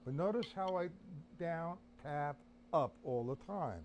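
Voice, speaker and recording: A man teaches a live-streamed drum lesson, counting beats aloud as he plays and chatting to viewers, whom he calls guys. His voice is a little high, expressive, and unhurried, with heavy background noise.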